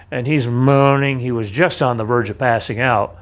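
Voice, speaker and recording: Older man giving steady personal testimony. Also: mid-range voice. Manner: measured, plain-spoken, vivid at quoted shouts. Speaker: navy veteran recounting his experience.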